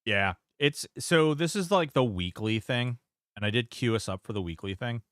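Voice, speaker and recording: A man's voice: medium pitch, animated, normal speed, fairly bright tone, no room sound, studio quality. A man streaming a game, chatting casually, reading chat aloud and swearing now and then. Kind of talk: casual gameplay commentary.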